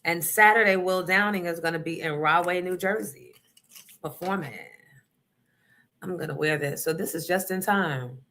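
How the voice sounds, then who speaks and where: Middle-aged lady livestreaming, bright voice, cussing and acting out people in her stories. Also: lowish voice, normal speed, slight background noise. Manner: animated, profane, acts out voices in her story. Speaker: livestream host. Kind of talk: casual chat, storytelling.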